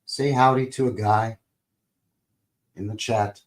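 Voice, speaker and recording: A man's voice: fairly low pitch, steady tone, slow pace. Folksy man hosting a livestream. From Calgary, Alberta, Canada. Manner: jokey, folksy, rambling, greets chat by name. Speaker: livestream host. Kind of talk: casual livestream chat.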